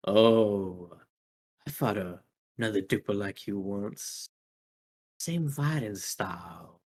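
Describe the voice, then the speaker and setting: Man playing a cocky villain brawler, low, unhurried, threatening. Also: darkish tone, breathy edge. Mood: menacing. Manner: low, slow, menacing. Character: smug veteran male villain fighter.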